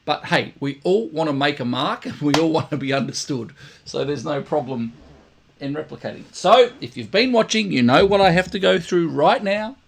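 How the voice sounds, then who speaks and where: Gravelly trumpet teacher explaining. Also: male voice, fairly high pitch, expressive, moderate pace, slight background noise. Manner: repetitive, demonstrative, vocalizing sounds. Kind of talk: casual video lesson.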